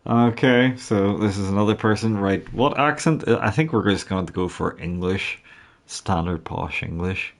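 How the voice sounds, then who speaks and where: A man's voice: lowish voice, normal speed, gravelly. A young man streaming a game, chatting in a rambling, self-deprecating way. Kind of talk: casual gaming stream commentary.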